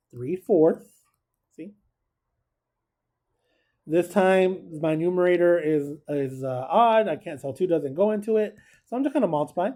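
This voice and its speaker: A man's voice: fairly high pitch, mellow. A man teaching a casual recorded math lesson, chatty and joking, who keeps quizzing his students.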